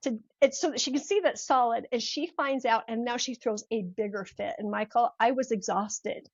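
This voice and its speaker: A woman's voice: on the high side, normal speed, breathy edge, no echo, muffled recording. An older woman, a mindset coach, telling a personal story in an interview and acting out the voices in it. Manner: animated, acts out voices in her stories. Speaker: podcast guest, mindset coach.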